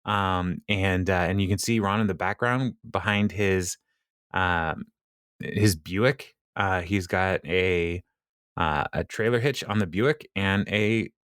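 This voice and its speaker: A man's voice: sits low, slow, fairly bright tone, clear, resonant tone, dry recording, clean studio sound. A man casually recapping a sitcom episode, rambling, laughing often and acting out quotes. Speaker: podcast co-host.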